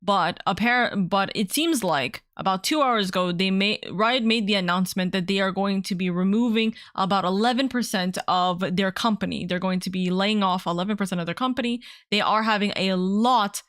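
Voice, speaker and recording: A woman streaming from home as a VTuber, chatting casually in a rambling, excitable way and swearing freely. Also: mid-range voice, normal speed, hardly any pauses, smooth, dry recording, clean studio sound. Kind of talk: casual livestream chat.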